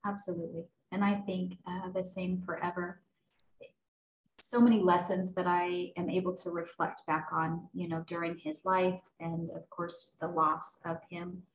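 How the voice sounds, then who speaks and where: A woman from Arizona with a fairly low voice talks as an interview guest. She sounds earnest and unpolished, with plenty of fillers and restarts. The recording has a noticeable room echo. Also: level tone, measured pace. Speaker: podcast guest, nonprofit founder. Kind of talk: casual interview chat.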